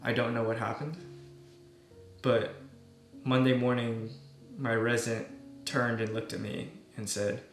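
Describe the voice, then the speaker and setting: Young male med student, mid pitch, reflective and soft-spoken, quiet guitar bed, roomy echo. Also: flat delivery, unhurried, long pauses. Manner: soft-spoken, earnest, often trailing off quietly. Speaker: medical student vlogger. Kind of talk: reflective personal storytelling. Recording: echoey room with soft guitar music.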